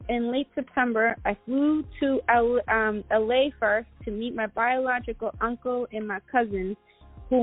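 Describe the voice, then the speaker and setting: A woman's voice: on the high side, narrow, tinny audio. A middle-aged woman from Guatemala, a guest entrepreneur in an interview, telling a personal story in a rambling way with many fillers and restarts.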